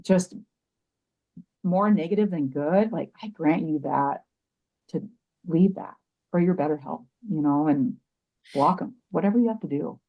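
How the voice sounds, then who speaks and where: A middle-aged woman, a nurse turned coach, telling a personal story as a podcast guest in a halting way, with frequent restarts and fillers. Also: deep voice, muffled recording. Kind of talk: candid conversational storytelling.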